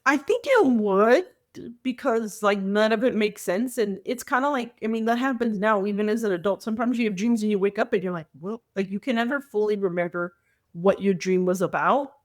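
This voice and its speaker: A woman's voice: medium pitch, a little fast. A woman co-hosting a podcast, rambling through a story in casual chat and acting out little quoted asides. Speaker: podcast co-host.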